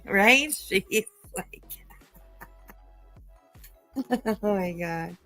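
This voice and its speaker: A woman's voice: medium pitch, sharp tone, no room sound. A woman hosting a casual live-stream commentary, chatty and sarcastic, thanking viewers by name. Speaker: commentary channel host. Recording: dry close mic, faint music.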